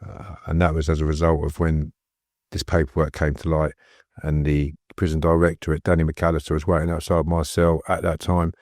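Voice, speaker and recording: A man's voice: very deep voice, flat delivery, normal speed, a little mellow, dry recording, studio quality. A middle-aged man, a guest recounting stories in a rambling, anecdotal way. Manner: rambling, anecdotal, laughs while telling stories. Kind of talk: casual storytelling interview.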